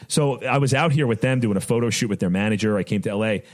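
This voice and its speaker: Fast-talking low-voiced man telling stories. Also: background noise. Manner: animated, quotes himself with raised voice. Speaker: music industry guest. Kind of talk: casual storytelling interview.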